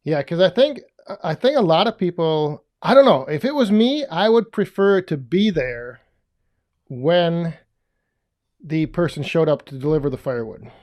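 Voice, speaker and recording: A man's voice: a little high, lively intonation, moderate pace, a little mellow. A man co-hosting a casual podcast, talking in an easygoing way and chuckling often. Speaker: podcast co-host.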